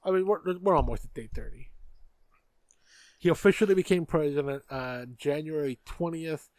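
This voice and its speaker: Male podcast co-host, blunt and profane, slightly high voice, dry close sound. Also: moderate pace, darkish tone, no echo. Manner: blunt, profane, stammers on restarts. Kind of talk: casual political chat.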